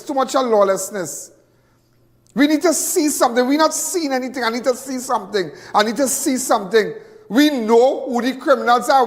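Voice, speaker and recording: Male crime-show host, very high voice, heated repetitive rant, reverberant room. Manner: angry, repetitive, stumbling restarts. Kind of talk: impassioned live TV commentary.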